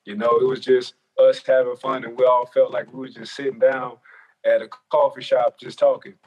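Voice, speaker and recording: A man, a former player, guesting on a casual podcast, talking in a relaxed, grateful, rambling way with many restarts. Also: mid-range voice, moderate pace, rough recording.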